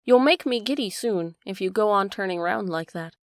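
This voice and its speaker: A woman's voice: mid-range voice, normal speed, no room sound, clean studio sound, natural voice. A woman voicing a curt old female sheep who keeps a shop, in a storybook reading.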